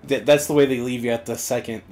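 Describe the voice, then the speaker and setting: A man's voice: medium pitch, steady tone, quick pace, darkish tone, soft background music. A man co-hosting a casual fan chat, rambling with many restarts and "uh"s. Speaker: co-host.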